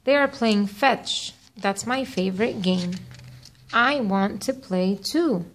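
A woman's voice: mid-range voice, slow, a little hiss or hum. A woman doing an eager playful storybook dog. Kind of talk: read-aloud children's story.

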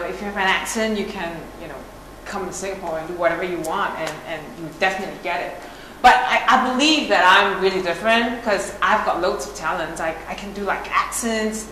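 In an echoey room with background noise, an actress auditions as a bragging young woman who chatters and rambles, full of fillers. Her voice is lowish, brisk and sharp-toned.

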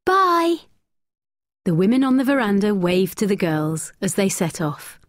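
A woman narrating a graded-reader story slowly, clearly and expressively. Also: mid-range voice, lively intonation, a little mellow, no echo, clean studio sound.

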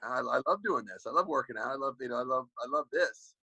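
A man in his forties with a husky, forceful voice talks fast as an interview guest. His stories wander, packed with "you know" fillers and restarts. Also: medium pitch, no echo, highs cut off. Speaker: guest, former pro football player. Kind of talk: casual interview talk.

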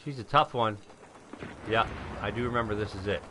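A middle-aged man from New York giving excitable live gameplay commentary, calling out to viewers and shouting when things go his way. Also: lowish voice, moderate pace, background noise. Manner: excitable, shouts at wins, talks to viewers as folks. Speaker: gaming live streamer.

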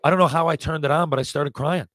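A man in his forties, a podcast guest, telling lively anecdotes in casual talk, acting out what people said and often restarting his sentences. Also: fairly high pitch, quick pace, no room sound. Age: 40s. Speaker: podcast guest, former hockey player. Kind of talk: casual storytelling.

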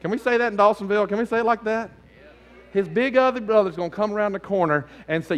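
Man, pastor, lively preaching, slightly higher voice, church sanctuary. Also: normal speed. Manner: animated preaching, swinging between loud and hushed. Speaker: lead pastor. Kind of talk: sermon.

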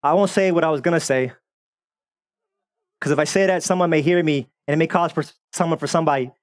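A man preaching a sermon as the pastor, animated and sarcastic, often repeating words as he builds up. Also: fairly high pitch, fast.

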